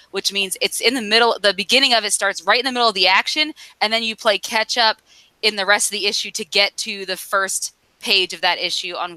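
Bright, clear-voiced woman chatting casually. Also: mid-range voice, dry recording, poor audio. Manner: chatty, rambling recap with fillers. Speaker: podcast co-host. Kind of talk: casual comic book discussion.

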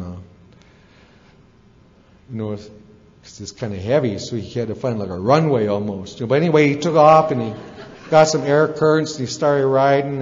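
At a recovery meeting, a man with a mid-range, somewhat dark voice tells a folksy story, rambling casually with fillers and asides. The recording carries the echo of a hall and has a dull, lo-fi quality.

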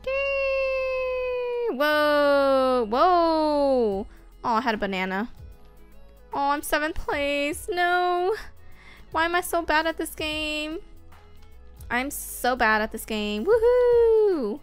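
A woman hosting a gaming video, giving excitable, casual commentary while she plays, with frequent squeals and whoops. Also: high-pitched, a little slow, clean tone. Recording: faint game music behind.

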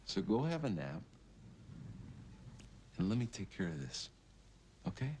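A man's voice: low voice, big pitch swings, unhurried, dark tone, a little hiss or hum. An actor playing an unstable, intense young man in a film drama, pleading one moment and lashing out the next. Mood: menacing. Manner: pleading, volatile, sudden angry outbursts.

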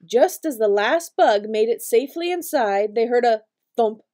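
Woman reading a picture book, mellow. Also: a little high, normal speed. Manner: warm, expressive storytelling. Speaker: storytime reader.

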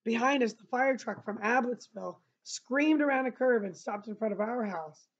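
Woman teacher reading a novel aloud and stopping to explain; fairly high voice, muffled recording. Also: normal speed. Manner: breaks off the reading to explain to listeners. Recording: dull lo-fi recording.

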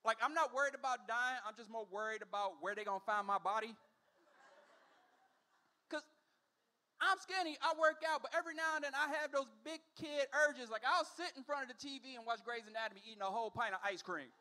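A man in his forties on a comedy club stage, working a stand-up set into a handheld mic. His voice sits very high for a man and rings bright and forceful. He tells his stories with animation and slips into other people's voices. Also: fairly quick. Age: 40s.

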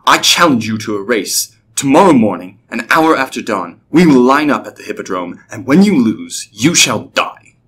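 A man's voice: medium pitch, sing-song, moderate pace, fairly bright tone, slightly rough. A man voicing a tall, cold and wrathful goddess in a storybook reading. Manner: angry, cold.

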